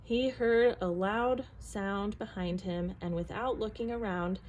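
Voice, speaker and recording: Woman storyteller reading a kids picture book, measured and expressive. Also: mid-range voice, dull audio.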